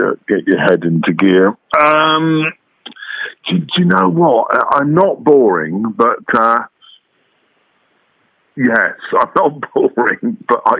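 Brief: male guest, halting and reflective, bright low voice, lo-fi. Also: no echo. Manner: hesitant, thinking aloud. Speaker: podcast guest. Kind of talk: casual reminiscing.

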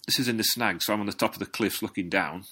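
A man's voice: fairly low pitch, fast talker, sharp tone. A Northern English man chatting casually about fishing, telling stories in a dry, understated way. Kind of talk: casual chat.

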